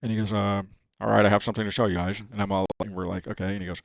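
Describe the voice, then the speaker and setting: A man's voice: lowish voice, flat delivery, very fast, gravelly, no echo. A man on a podcast telling a long personal story in casual, profane talk, full of "dude" and "you know what I mean.". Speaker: podcast guest.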